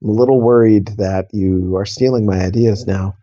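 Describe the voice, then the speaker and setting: Deadpan man trading podcast banter. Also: fairly low pitch, moderate pace, lo-fi sound. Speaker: podcast co-host.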